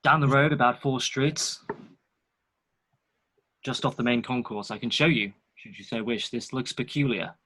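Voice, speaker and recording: A man's voice: medium pitch, moderate pace, long pauses, pushed and bright, breathy edge. A man playing his character in a tabletop game, speaking in a formal, courtly, theatrical way. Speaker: player. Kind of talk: in-character tabletop role-play.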